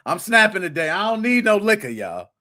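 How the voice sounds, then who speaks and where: A man hosting a live gaming podcast, giving playful, hyped-up shout-outs to his chat with slang and rhymes. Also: sits high, very animated, a little fast. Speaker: podcast host.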